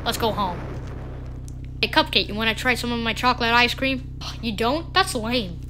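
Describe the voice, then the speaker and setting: A woman giving playful gameplay commentary, excitable, with sudden squealing exclamations. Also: a little high, normal speed, noisy background.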